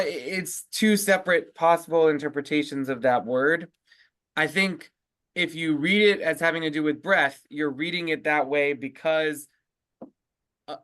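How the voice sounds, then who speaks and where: A man teaching as a rabbi, explaining word meanings in a halting way full of fillers and restarts. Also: on the high side, a bit bright, no room sound. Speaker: rabbi leading a text study. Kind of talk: casual teaching discussion.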